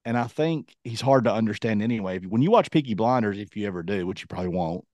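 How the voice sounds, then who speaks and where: A man co-hosting a casual podcast chat, rambling and animated, slipping into quick impressions. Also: on the low side, dry recording. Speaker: podcast co-host.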